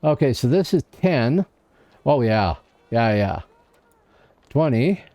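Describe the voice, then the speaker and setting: Over soft background music, a man streams his gameplay with very animated, warm, medium-pitched commentary at a slow pace. He keeps up a chatty running talk to himself and the viewers in chat.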